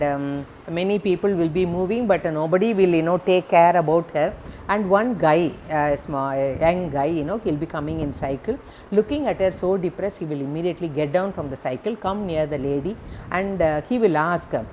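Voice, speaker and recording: A woman's voice: fairly low pitch, a little mellow, a little hiss or hum. Chatty woman lecturer. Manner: conversational, with many "you know" fillers. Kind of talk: storytelling lesson.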